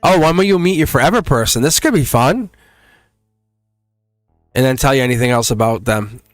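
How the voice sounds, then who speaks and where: A man hosting a live tarot reading, talking in a chatty, excited way, laughing often and acting out voices as he reads the cards. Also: mid-range voice, normal speed, no echo, faint music behind.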